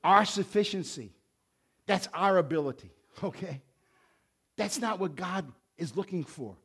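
A man in his sixties, a pastor, preaching with emphatic swells and soft conversational asides. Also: high-pitched, lively intonation, unhurried, creaky, breathy edge. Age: 60s. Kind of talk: sermon.

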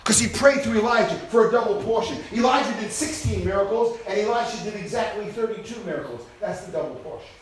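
A man preaching a sermon to a responsive congregation, impassioned and swinging between loud exhortation and hushed intensity. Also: sits high, expressive, fast talker, hardly any pauses, crowd noise. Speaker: pastor. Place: church sanctuary with congregation. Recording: roomy church reverb.

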